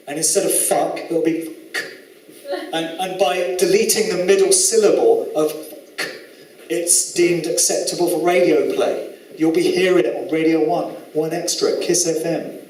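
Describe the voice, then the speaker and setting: A man's voice: fairly high pitch, fairly even intonation, normal speed, a little mellow. A man with a Southern English accent giving a live lecture presentation in an indignant, sarcastic, moralizing manner. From England. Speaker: conference speaker. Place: lecture hall. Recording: echoey hall, mic from far off.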